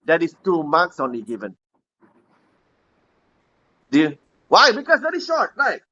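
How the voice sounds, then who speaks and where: A man's voice: a little high, wildly swooping pitch, a little slow, bright, forceful tone. A man teaching an IELTS class in a chatty, joking way, laughing often and acting out sample student answers. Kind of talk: live online class. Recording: dull lo-fi sound with faint hiss.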